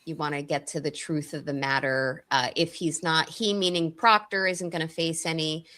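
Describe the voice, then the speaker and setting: A woman in casual chat, talking in an earnest, measured, thoughtful way. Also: deep voice, steady tone, sharp tone.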